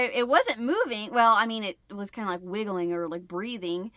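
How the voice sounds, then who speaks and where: A woman hosting her own vlog, telling a story casually and acting out her own shouts and gasps. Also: mid-range voice, lively intonation, normal speed, few pauses, dry recording, studio quality. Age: adult with a husband. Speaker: channel host.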